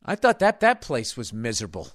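A man's voice: medium pitch, huge pitch swings, brisk, no room sound, studio quality. A man hosting a podcast as a comedian, reading listener mail in crude, joking, rambling chat.

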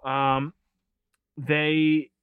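A man's voice: on the high side, little pitch movement, drawn-out words, clean tone, dry recording, phone-quality sound. A man in casual, profane chat, rambling through a movie recap and laughing often. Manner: rambling, laughs often, keeps saying anyway.

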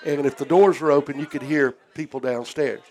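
A man's voice: a little high, steady tone, a little fast, darkish tone. A man telling a charter boat story in casual chat, acting out the voices of the people in it. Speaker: former charter boat captain. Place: outdoor deck.

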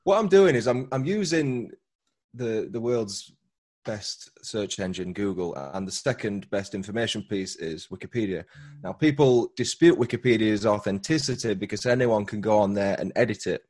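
British guest, low-pitched, easygoing and explanatory; a podcaster being interviewed. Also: male voice, lively intonation, moderate pace, a little mellow. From Britain. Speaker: true crime podcaster, guest. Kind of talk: casual interview conversation.

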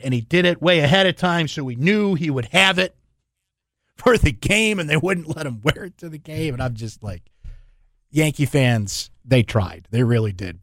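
A man hosting a sports talk radio show in a studio, chatty and energetic, laughing often. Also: mid-range voice, dry recording.

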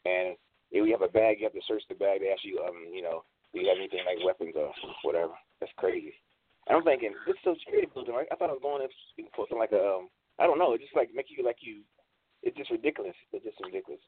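Low, lively male co-host, rambling storyteller, tinny call audio. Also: rapid-fire, gravelly. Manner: rambling, laughs in high bursts. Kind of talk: casual panel chat. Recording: tinny phone-like online call.

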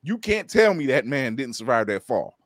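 A man's voice: medium pitch, very animated, normal speed, dry recording, studio quality. A man co-hosting a podcast in loose, casual chat, swearing freely, laughing often and acting out quotes. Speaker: podcast co-host.

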